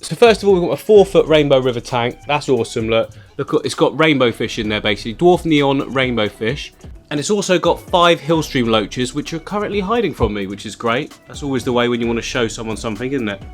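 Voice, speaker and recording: A chatty man hosting a home vlog, cooing at his pet and now and then putting on little voices for it. His pitch sits in a middle range. Faint music plays underneath. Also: lively intonation, a little fast. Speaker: aquarium channel host. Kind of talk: casual vlog chat to camera.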